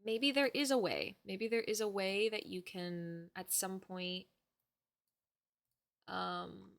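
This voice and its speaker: A woman's voice: mid-range voice, takes it slowly, vocal fry, a bit bright. A woman livestreaming from home, chatting casually with her viewers and fussing affectionately over the dog in her lap.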